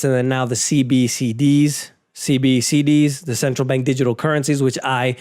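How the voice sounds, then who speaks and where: A man's voice: mid-range voice, fairly even intonation, brisk, few pauses, darkish tone, no room sound, clean studio sound, soft background music. A man hosting a casual market and crypto news rundown, talking offhand with sarcastic asides and frequent restarts. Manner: frequent restarts and fillers, conversational. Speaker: host.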